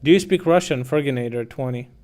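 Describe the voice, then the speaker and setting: A man's voice: mid-range voice, quick pace, a little mellow, soft background music. A man streaming live, answering chat comments in a blunt, mocking, incredulous way with plenty of swearing.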